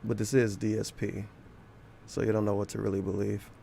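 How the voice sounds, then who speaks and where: A man's voice: fairly low pitch, completely flat delivery, fairly quick, gravelly, dark tone, a little hiss or hum. A man giving sarcastic, blunt reaction commentary over a stream clip, mocking the streamer.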